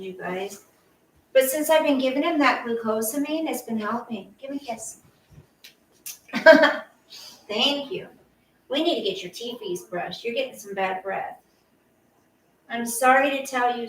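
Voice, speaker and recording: A woman's voice: on the high side, expressive, unhurried. An older woman chatting casually to her viewers, cooing baby talk to her dog. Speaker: vlogger. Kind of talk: casual chat to camera. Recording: echoey room, voice a bit off-mic, faint noise.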